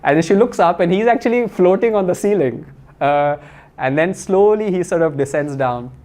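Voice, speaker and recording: A man's voice: sits high, lively intonation, normal speed, darkish tone. A man giving a spiritual talk, telling stories in a conversational way with many fillers and restarts.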